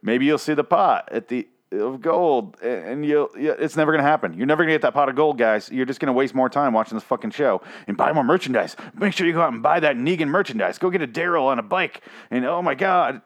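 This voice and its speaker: A man's voice: medium pitch, lively intonation, quick pace. A man reviewing a TV episode in a sarcastic, profane, rambling rant. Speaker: TV show reviewer.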